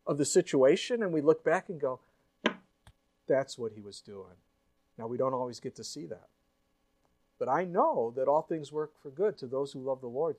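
A man, a pastor, preaching a sermon in an earnest way, full of rhetorical questions and acted-out quotes. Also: fairly high pitch. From United States.

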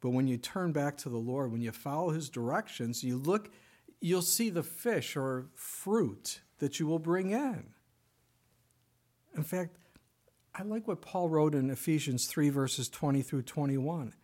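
A male pastor preaches earnestly and with emphasis. He uses rhetorical questions to draw in his listeners. His voice sits a little higher than most men's. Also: lively intonation, measured pace, darkish tone. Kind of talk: sermon.

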